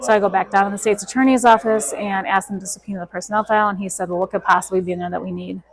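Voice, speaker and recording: A woman's voice: medium pitch, steady tone, very fast, a crowd in the background, poor audio. A woman, a guest in an interview, telling her story emphatically and acting out the dialogue of each person in it. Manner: emphatic, quotes herself and others in dialogue.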